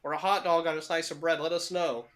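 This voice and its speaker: A man's voice: a little high, little pitch movement, fast, fairly bright tone. A young man co-hosting a podcast in casual, profane, joking chat. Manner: joking, profane, laughs often. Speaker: podcast co-host.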